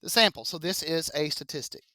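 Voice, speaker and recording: Math teacher, young adult, bright and punchy, dry close mic, quizzes class with playful asides. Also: mid-range voice, lively intonation, a little fast, no room sound. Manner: chatty, joking asides, quizzing students. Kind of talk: classroom statistics lecture. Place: classroom with live students.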